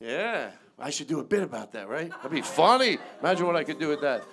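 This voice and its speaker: A man performing a live stand-up comedy set, loud and animated, chatting with the audience and the band. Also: on the high side, fairly quick, creaky, noisy background. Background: band music and audience laughter.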